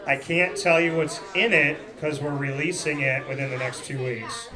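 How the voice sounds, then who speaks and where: A man's voice: a little high, moderate pace. Playful male host in a busy restaurant. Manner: playful, teasing, animated storytelling. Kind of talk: casual live interview. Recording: noisy restaurant crowd. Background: crowd chatter.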